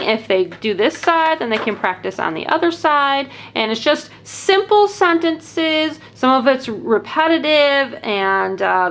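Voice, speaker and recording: A woman teacher patiently demonstrating early-grade learning activities step by step, with a faint hiss behind her. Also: a little high. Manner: clear, patient, explaining step by step.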